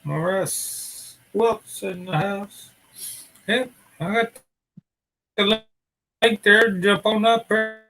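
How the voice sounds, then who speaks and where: A man's voice: high voice, steady tone, very slow, long pauses, bright, forceful tone, poor audio. Joking man with a drawl. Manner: joking, folksy talk. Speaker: livestream host. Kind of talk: casual chat.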